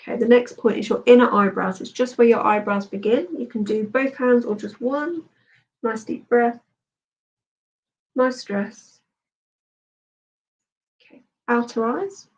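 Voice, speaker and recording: A woman's voice: fairly high pitch, recorded from a distance, lo-fi sound. Soothing woman guiding a tapping session. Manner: slow, soothing guided instruction. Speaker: therapist and coach.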